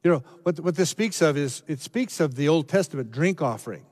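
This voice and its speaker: A man preaching a sermon, earnest, climbing to emphatic peaks and then dropping low, often repeating words as he restarts. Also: animated, brisk, a little mellow. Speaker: pastor.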